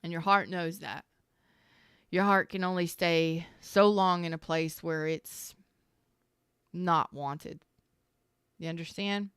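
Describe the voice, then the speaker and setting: Low, crystal-clear woman reading tarot. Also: dry recording, studio quality. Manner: emotional, earnest, talks straight to the listener with frequent sighs and repeats; informal, swears now and then. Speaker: tarot reader. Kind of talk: casual spoken tarot reading.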